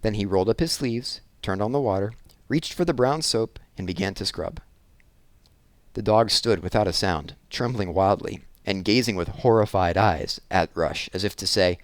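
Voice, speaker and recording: A man narrating a children's novel aloud in a measured, expressive reading. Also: on the low side, no echo. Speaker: audiobook reader. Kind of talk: storybook narration.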